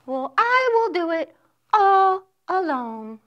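A woman doing a high, chirpy, overworked hen. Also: big pitch swings, slow pace, lo-fi sound, full character voice. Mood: determined. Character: hardworking hen, fed up and bossy.

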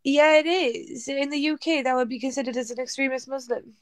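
A woman's voice: high voice, fairly even intonation, a little fast, no echo, clean studio sound. A woman on a livestream call arguing her point insistently and talking over the host. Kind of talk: casual argument.

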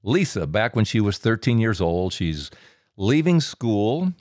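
A man hosting a storytelling podcast, animated and playful, teasing himself between stories. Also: fairly low pitch, measured pace, no room sound, studio quality. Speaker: podcast host.

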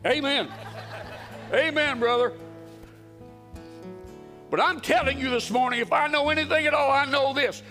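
A man preaching a folksy, earnest sermon in a church, emphatic and sometimes dropping to a hush. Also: very high-pitched, normal speed, long pauses. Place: church sanctuary. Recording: reverberant church hall with soft guitar.

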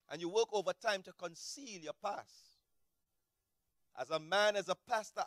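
A man preaching a sermon as a pastor, animated, swinging between shouted peaks and low, quiet asides. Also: dry recording.

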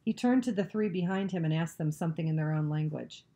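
A woman narrating a novel, reading aloud in a steady, even storytelling manner. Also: deep voice, quick pace.

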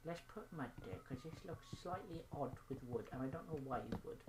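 A low-pitched young woman talks through her gaming vlog. She rambles from topic to topic and stays silly and playful while she plays. A faint hiss sits under her voice. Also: lively intonation, fairly quick. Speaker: gaming channel host. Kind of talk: casual gaming vlog commentary.

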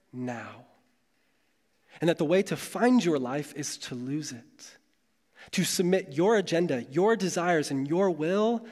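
A man preaching a sermon as pastor, reading scripture in a dramatic, measured delivery with long pauses. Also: high voice, darkish tone. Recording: long hall reverb.

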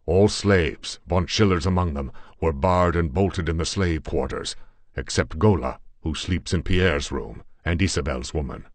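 A domineering castle lord who bellows down any dissent, voiced by a man narrating. The voice is very deep, loud and forceful, and sits dry against the mic. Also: measured pace, no echo, full character voice. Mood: commanding. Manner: bellowing, commanding.

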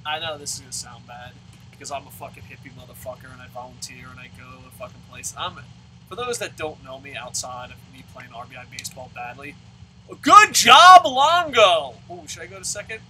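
A man ranting profanely as he plays a baseball video game, with loud outbursts. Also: mid-range voice, quick pace, a little hiss or hum, rough recording. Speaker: let's play host. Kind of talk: profane gaming commentary rant.

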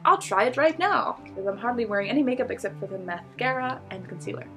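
A woman's voice: a little high, lively intonation, quick pace, fairly bright tone, faint music behind. A young woman vlogger casually unboxing beauty products, gushing and giggling as she reads labels aloud.

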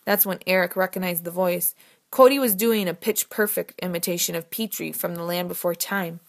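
A woman narrating a novel in a measured, expressive storytelling manner. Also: on the low side, gravelly. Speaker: audiobook narrator. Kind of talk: scripted narration.

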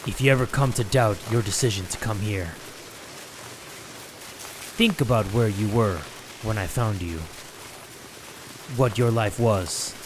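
An actor playing a creepy, cryptic male passenger in a horror game, speaking in a slow, solemn, ominous way. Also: lowish voice, background noise, lightly acted.

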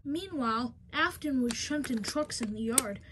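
High-voiced young woman narrating a toy-train story. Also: lively intonation, normal speed, background noise. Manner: repetitive, plain phrasing.

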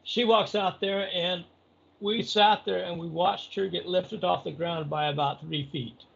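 A middle-aged man recounting a story in a loose, rambling way, with lots of "you know" and "uh". His voice is gravelly and husky, a little higher than most men's. The audio is dull and lo-fi. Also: steady tone, measured pace, fairly bright tone. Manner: rambling, conversational, many fillers. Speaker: interview guest. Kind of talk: casual storytelling.

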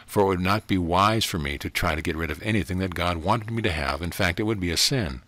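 A gentle young woman lays out her beliefs with quiet, unhurried certainty, as a low-voiced man reads her part. The sound is close and dry, like a storybook read straight into the mic. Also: no echo. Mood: calm earnest. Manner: gentle, steady, slow explaining.

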